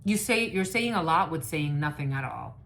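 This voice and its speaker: A woman's voice: low voice, lively intonation, moderate pace, a bit bright, slight background noise. A woman who swears freely and rambles, giving a casual psychic reading as a channeler. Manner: profane, rambling, confiding.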